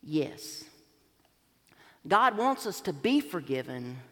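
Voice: mid-range voice, very animated, takes it slowly, a bit bright. A pastor preaching a sermon, telling a parable and acting out its voices, in a church sanctuary. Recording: long hall reverb.

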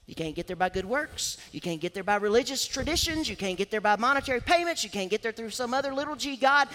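Animated preacher in a reverberant hall. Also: mid-range voice. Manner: animated, emphatic, acts out scripture quotes. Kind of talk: sermon.

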